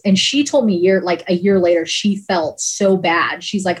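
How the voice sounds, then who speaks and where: A woman emergency dispatcher tells her own story in an interview, her voice sitting at an ordinary middle pitch. She speaks candidly and with emotion, leaning on "like" as she works through her thoughts. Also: fairly even intonation, normal speed, slightly rough, poor audio.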